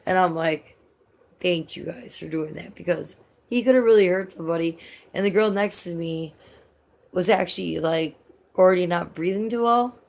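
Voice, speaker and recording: A woman's voice: fairly low pitch, moderate pace, gravelly, darkish tone. A young woman vlogger telling a story in a rambling, casual way, filling her talk with "like" and swearing freely. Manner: rambling, heavy use of "like", swears often.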